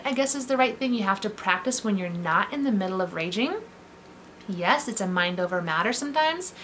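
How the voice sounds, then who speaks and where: A woman's voice: a little high, a bit bright, slight background noise. A middle-aged woman talking straight to her viewers in an earnest, encouraging, coaching way. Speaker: vlogger. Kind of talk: encouraging direct-to-camera talk.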